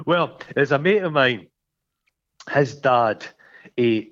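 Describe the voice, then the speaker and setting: A man co-hosting a film podcast, retelling scenes in a rambling, sweary, animated way. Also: medium pitch, slow, lo-fi sound. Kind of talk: casual chat.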